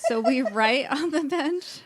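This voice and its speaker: A woman's voice: high voice, expressive, takes it slowly. A woman co-hosting a casual chat podcast, chatty and teasing, laughing easily. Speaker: podcast co-host.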